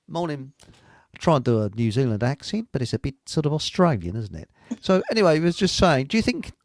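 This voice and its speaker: A man's voice: medium pitch, very animated, a little fast, no echo, clean studio sound. A man hosting a live chat show, rambling and giggling as he reads out messages. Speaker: host.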